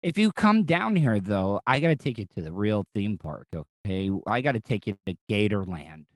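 A man's voice: lowish voice, sing-song, normal speed, dry recording. An American man from Florida hosting a casual podcast interview outdoors, rambling and repeating words as he jokes. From Central Florida, US. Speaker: podcast host. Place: outdoors in rain, taking cover.

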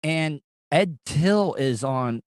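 A man's voice: fairly high pitch, animated, drawn-out words, no room sound. Man, casual chat host, rambling stories, swears, dry close sound. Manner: rambling, profane storytelling with many restarts. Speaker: podcast host. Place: Orlando, Florida.

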